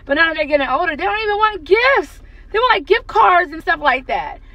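High-voiced American mom venting in car. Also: female voice, big pitch swings, brisk, pushed and bright, no room sound. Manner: blunt, exasperated, frank with cursing. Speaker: mother vlogger. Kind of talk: candid venting car chat. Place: parked car, then driving home.

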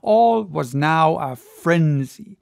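An audiobook reader narrating a classic sea story with measured, dramatic storytelling. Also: mid-range voice, lively intonation, creaky, no room sound, clean studio sound. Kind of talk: audiobook reading.

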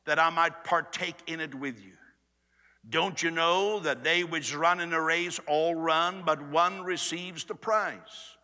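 A man preaching a sermon in a conversational way, swinging between loud and hushed delivery. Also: high-pitched. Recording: long reverb of a large hall.

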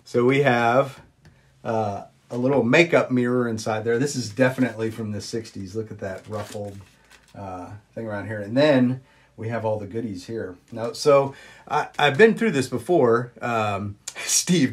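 A man chatting casually on a live stream, greeting viewers and filling pauses with ums as he shows old magic props. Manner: chatty, greets viewers, jumps up high on exclamations; frequent ums and uhs. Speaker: vlogger showing magic props.

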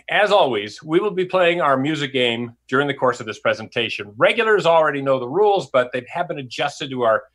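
A man with a medium-pitched, fairly bright voice speaks on a video call, out of breath, with a dry, playful delivery. He is the regular presenter running a music game, casually presenting a live stream from his home studio.

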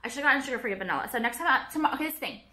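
High bright-voiced woman ranting casually. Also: expressive. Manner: fast, profane, dramatic rants with constant "like". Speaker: beauty vlogger. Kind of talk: casual chat to camera. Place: at home.

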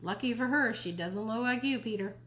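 A woman's voice: a little high, fairly quick, fairly bright tone, slight background noise, lightly acted. Lady reading, doing a snooty know-it-all girl, smug and teasing. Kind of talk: read-aloud storybook.

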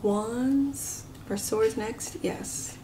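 A gentle, soft-spoken woman giving a pick-a-card tarot reading to her viewers, sometimes dropping to a whisper. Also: on the high side, drawn-out words, noisy background. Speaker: tarot reader.

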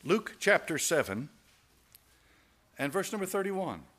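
A male pastor preaching with a lively, swooping voice that sits a little high for a man. He is emphatic, pushing hard on key phrases and putting rhetorical questions to the congregation. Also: unhurried. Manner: emphatic, rises to stressed phrases. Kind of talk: preaching a sermon.

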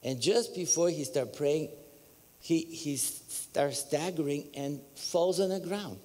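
A man with a Bulgarian accent telling his testimony as a preacher, animated and storytelling, breaking into high exclamations and laughter. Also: slow, big-room sound. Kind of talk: testimony sermon. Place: large church hall.

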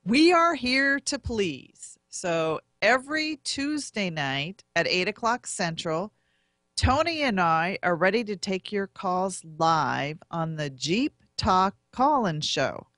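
Upbeat lower-voiced woman co-host. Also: very animated, takes it slowly, a bit bright, no room sound, clean studio sound. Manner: upbeat promotional. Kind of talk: casual podcast chat.

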